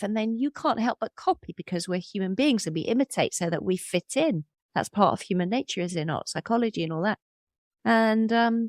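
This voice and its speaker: Gravelly-voiced woman in her fifties reflecting. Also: a little high, no echo, clean studio sound. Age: 50s. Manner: earnest, reflective, with small laughs. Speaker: interview guest. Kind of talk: reflective conversational storytelling.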